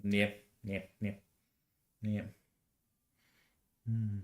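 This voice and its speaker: A young man rambling in casual talk, swearing, laughing often and repeating short phrases over and over before trailing off into quiet mutters. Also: on the low side, monotone, drawn-out words.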